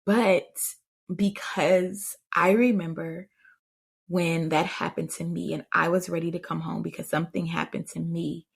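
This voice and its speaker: Low, gravelly woman chatting about parenting. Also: fairly even intonation, unhurried. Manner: chatty storytelling, addresses listeners directly. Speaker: podcast host on parenting. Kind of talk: casual advice chat.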